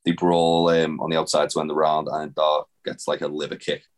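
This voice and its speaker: Very deep-voiced man, casual chat. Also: completely flat delivery, a little fast. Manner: rambling, swears casually, many fillers. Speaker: podcast co-host. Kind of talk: casual wrestling review chat.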